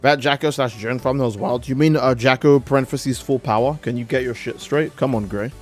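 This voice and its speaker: A man's voice: medium pitch, brisk, a little mellow, soft background music. A young man streaming a game, rambling and joking with profanity in casual commentary. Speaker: gaming streamer.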